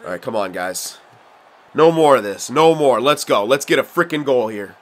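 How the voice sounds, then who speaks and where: A young man giving frustrated, excitable play-by-play commentary while playing a video game, swearing often. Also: mid-range voice, normal speed. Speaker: gaming commentator.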